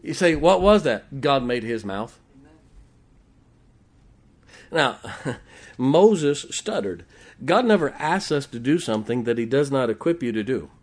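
A middle-aged preacher delivers a sermon in a church, telling homespun stories in a folksy drawl. His voice sits at an ordinary male pitch. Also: animated, normal speed. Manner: folksy storytelling preacher, mimics stuttering. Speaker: pastor.

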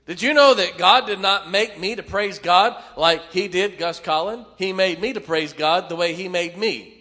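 Bright-voiced preacher man. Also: high voice, moderate pace. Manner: animated preaching, asks the congregation "amen?"; rhetorical questions and homely humor. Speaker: pastor. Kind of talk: sermon.

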